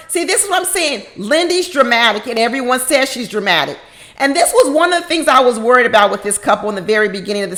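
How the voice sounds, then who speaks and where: High-voiced woman giving emphatic recap commentary. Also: fairly bright tone. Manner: emphatic, preachy, acts out quotes in other voices. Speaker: reality TV recap host.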